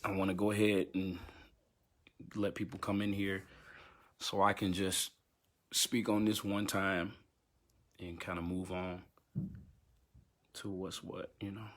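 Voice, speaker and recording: Brief: male gospel singer, lowish voice, candid livestream account, animated, halting and full of fillers.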